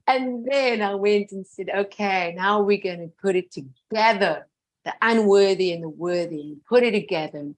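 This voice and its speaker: A woman with a mid-range voice shares a heartfelt personal story at a moderate pace, earnest and emotional. She repeats phrases, laughs softly, and frequently sinks to a hushed tone.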